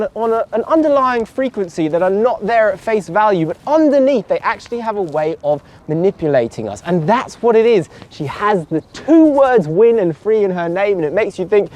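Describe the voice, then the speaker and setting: Male co-host, playful absurd riffing. High, very lively voice. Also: moderate pace, few pauses. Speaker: podcast co-host. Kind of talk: casual chat.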